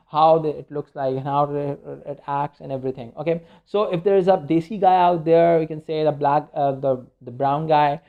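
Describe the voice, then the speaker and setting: Male media teacher, raised pitch, gravelly, loose lecture, dull lo-fi sound. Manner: rambling, many fillers and restarts. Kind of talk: informal recorded lecture. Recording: dull lo-fi recording.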